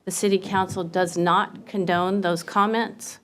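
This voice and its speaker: Female meeting chair, formal and measured; smooth, clear tone. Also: lowish voice, little pitch movement, a bit bright. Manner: measured, reading a prepared statement.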